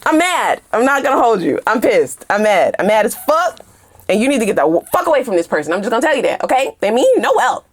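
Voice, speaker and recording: A fiery woman tarot reader, swearing as she talks. Her fairly high voice leaps all over the place, dropping low one moment and shooting up the next. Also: very animated, fast talker. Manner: fiery and profane, swinging from low mutters to high shouts. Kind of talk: animated tarot reading.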